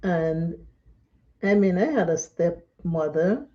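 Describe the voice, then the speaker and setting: A woman hosts a live makeup tutorial, chatting slowly and unhurriedly between steps. Her voice is mellow and soft-edged, and she laughs easily as she tells stories. The sound is a little dull and muffled. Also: on the low side, animated. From Dominica. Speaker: makeup vlogger.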